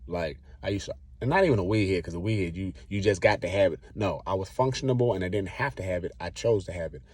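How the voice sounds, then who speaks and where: A man with a deep, low voice tells a personal story to camera in a loose, rambling way. He keeps slipping into what he said back then, in relaxed slang. The sound is dry and close, with no room echo. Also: fast talker, slightly rough. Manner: rambling, acts out his own past lines. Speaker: vlogger.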